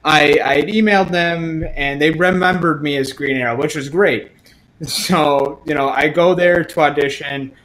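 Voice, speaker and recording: A man's voice: a little high, normal speed, fairly bright tone, poor audio. A man chatting casually about his start as a fair actor, rambling and laughing, acting out quoted lines. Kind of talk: casual podcast chat.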